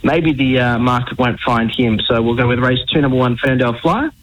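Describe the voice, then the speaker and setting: A man's voice: medium pitch, brisk, low-quality recording. A man with an Australian accent giving greyhound racing tips on radio, upbeat and rattling off runners and prices.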